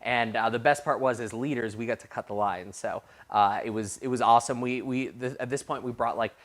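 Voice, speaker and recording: Animated man telling a youth sermon story. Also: medium pitch, a little fast. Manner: animated storyteller with frequent restarts. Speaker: youth pastor.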